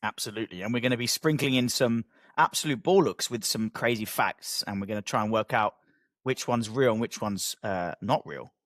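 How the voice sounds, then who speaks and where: A man co-hosting a casual podcast, jokey and quick to laugh. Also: on the low side, a bit bright, no echo, clean studio sound. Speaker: podcast co-host.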